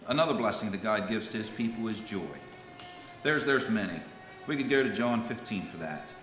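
A man delivers a sermon with lively, rising and falling pitch, pushing some lines out loud and dropping others to a hush. He reads scripture in old-fashioned wording. His bright voice rings in a roomy hall with a long reverb tail. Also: normal speed, faint music behind. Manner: dramatic, swings between loud calls and hushed lines. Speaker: preacher.

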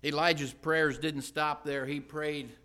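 Guy preaching in church, earnest, gets loud on questions then drops real quiet. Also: a little high, level tone, a little slow. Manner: earnest, swings between loud rhetorical questions and hushed storytelling. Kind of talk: sermon.

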